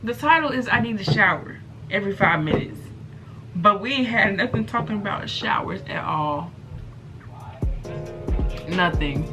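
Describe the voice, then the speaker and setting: A woman's voice: mid-range voice, expressive, measured pace, long pauses. A woman hosting a reaction video, making chatty, incredulous asides. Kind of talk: casual reaction commentary. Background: background music.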